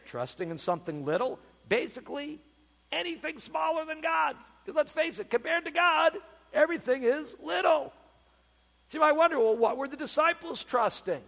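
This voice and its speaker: A male pastor preaching in a church, his high voice leaping up and down as he leans hard on key words. There is a slight huskiness to his tone, and his pauses ring out in a long hall reverb. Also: vocal fry, husky. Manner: animated, emphatic preaching with dramatic pauses. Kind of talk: sermon.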